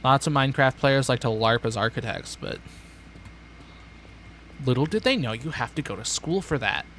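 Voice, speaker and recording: A man's voice: medium pitch, lively intonation, moderate pace, a bit bright, a little hiss or hum. A young man streaming a building game, rambling sardonically and talking to himself. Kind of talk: casual gameplay chatter.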